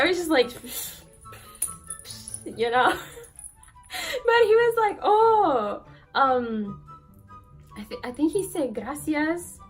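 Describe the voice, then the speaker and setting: A young woman telling a storytime in casual chat, giggly and excitable, with lots of fillers. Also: high-pitched. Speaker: vlogger.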